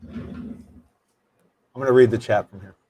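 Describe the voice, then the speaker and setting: A man's voice: mid-range voice, steady tone, measured pace, crowd noise. Guy hosting a chill livestream, reads out the chat, jokes around, normal mid voice. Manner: chatty, reads viewer comments aloud and jokes around. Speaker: livestream host.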